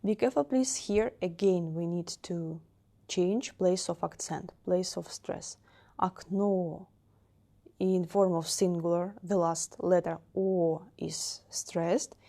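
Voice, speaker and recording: A woman's voice: fairly low pitch, takes it slowly, vocal fry, mellow. A woman teaching a grammar lesson, patiently repeating each example word. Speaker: Russian language teacher.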